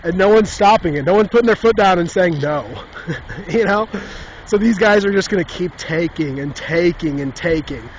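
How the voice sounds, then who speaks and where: A man's voice: high-pitched, expressive, moderate pace, highs cut off, slight background noise. A man hosting a podcast in a casual, exasperated and sarcastic rant, with lots of "like" and "dude". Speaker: podcast host. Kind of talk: casual ranting monologue.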